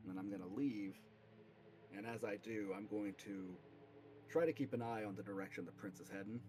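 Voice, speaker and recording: A man playing a tabletop game, describing his moves softly and haltingly. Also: on the low side, a little hiss or hum. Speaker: player.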